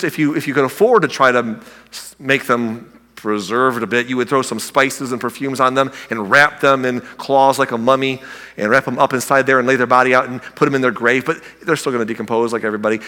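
A pastor teaching verse by verse in a bright, forward voice, loose and joking, often circling back to restart a thought. His words carry with a long echo through a church sanctuary. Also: mid-range voice, a little fast. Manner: conversational and humorous, with frequent restarts. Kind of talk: sermon with verse-by-verse Bible teaching.

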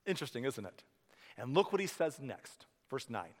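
A male pastor preaching a sermon in a church, conversational and animated, telling stories with asides. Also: mid-range voice, moderate pace. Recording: reverberant hall.

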